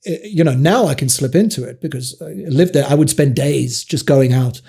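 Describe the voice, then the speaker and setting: A middle-aged South African man, a guest actor, telling animated stories in a casual interview, restarting often and laughing. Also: mid-range voice, a little fast, husky.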